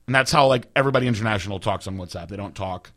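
Bright-voiced man hosting a podcast. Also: fairly low pitch, racing. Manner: animated, swears freely, repeats words. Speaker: podcast host. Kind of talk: casual podcast chat.

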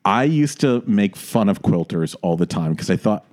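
A man co-hosting a casual chat about musicals, telling a sarcastic anecdote with lively laughs. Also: fairly low pitch, moderate pace. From United States. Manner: animated storyteller, sarcastic, laughs a lot. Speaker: podcast co-host.

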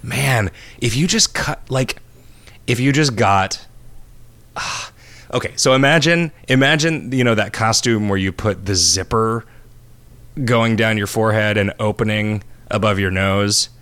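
Low-voiced man rambling through podcast banter. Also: a little slow, fairly bright tone. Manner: rambling, laughs often, crude jokes. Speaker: podcast co-host.

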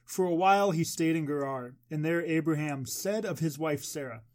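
A male co-host reads scripture aloud during a podcast chat. His voice sits a little high, and his reading is plain and even. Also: moderate pace.

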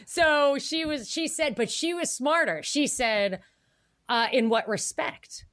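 A woman with a slightly high voice co-hosts a podcast in loose political chat. She talks animatedly, laughs often and slips into little voices when she quotes people. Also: expressive, slow, fairly bright tone. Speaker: podcast co-host.

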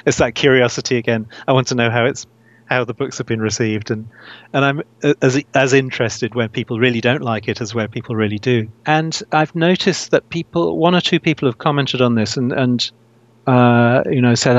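A man answers interview questions in a thoughtful, searching way, often restarting his sentences and laughing softly. His voice sits at a middling pitch. The recording sounds dull and lo-fi, with no room echo at all. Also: brisk. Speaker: author guest. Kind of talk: casual interview.

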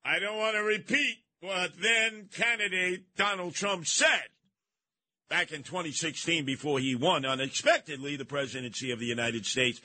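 A man hosting a talk radio show, delivering a brash, mocking monologue with frequent shouting and a New York accent. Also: a little high, moderate pace, no echo.

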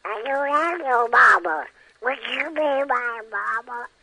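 A man in his nineties voicing a frightened little cartoon duckling in a high squeaky voice. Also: slow, gravelly, sharp tone, no echo, exaggerated voice, rough recording. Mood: pleading. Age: 90s.

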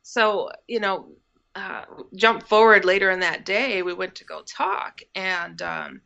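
A woman's voice: medium pitch, a little slow, gravelly, bright, forceful tone. A woman from the United States, a guest, telling a story in a casual way, acting out quoted dialogue and laughing as she goes. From United States, Milwaukee. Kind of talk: casual first-person storytelling. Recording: dull lo-fi audio.

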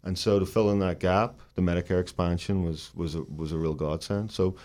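Low-voiced male studio guest, casual. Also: fairly even intonation, a little fast, a little mellow. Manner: thinking aloud, casual. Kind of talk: political discussion. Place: radio studio.

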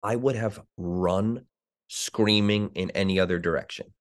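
A man with a fairly low voice, chatting as an interview guest from New Jersey. He tells his backstage stories with energy and slips into other people's voices as he quotes them. He sounds like a middle-aged Broadway actor at ease. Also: unhurried. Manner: animated storytelling, acts out quoted voices. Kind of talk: conversational interview.

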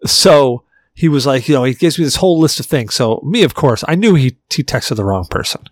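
A man's voice: medium pitch, fairly quick, dry recording, studio quality. A man from Virginia co-hosting a podcast, telling stories in casual chat with swearing and laughter. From Virginia, United States. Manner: animated storyteller, laughs, swears often. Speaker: podcast co-host.

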